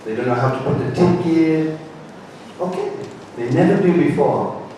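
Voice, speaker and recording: A man's voice: fairly high pitch, normal speed, warm tone, a little hiss or hum. A man from England teaching a staff English class, using simple short sentences and repeating key phrases. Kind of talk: classroom lecture. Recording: echoey room from far off.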